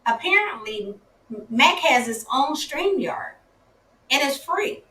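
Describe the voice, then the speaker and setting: A woman hosting a casual live-stream interview, effusive and quick to exclaim. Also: high voice, very animated, sharp tone. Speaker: host. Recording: echoey room.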